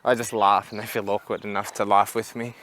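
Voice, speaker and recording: A young adult vlogger chats casually while walking outdoors, rambling and laughing at his own stories in this walk-and-talk vlog. His lowish voice is a bit bright with little pitch movement and a slightly fast pace, over slight background noise.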